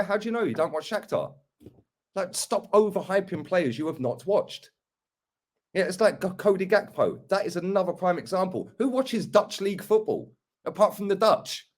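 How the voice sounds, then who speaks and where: A young man rants about football in a casual fan chat. His pitch sits a little high for a man and swings widely as he mocks other fans. He sounds heated and animated throughout. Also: fairly quick.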